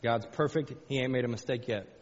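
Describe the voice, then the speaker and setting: A man's voice: medium pitch, brisk. A man preaching a sermon as pastor, folksy, repeating phrases and rising into fervent pleading. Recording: dull lo-fi sound with long hall reverb.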